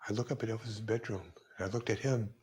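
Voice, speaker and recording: A man's voice: lowish voice, steady tone, fast talker, darkish tone. A man interviewed for a documentary, retelling a memory vividly in the present tense.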